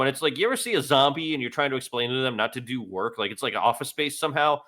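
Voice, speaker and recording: A man's voice: medium pitch, fast talker. A young man co-hosting a casual podcast, chatting loosely and acting out quotes in funny voices. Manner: animated storyteller, acts out quotes in funny voices. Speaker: podcast co-host. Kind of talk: casual chat.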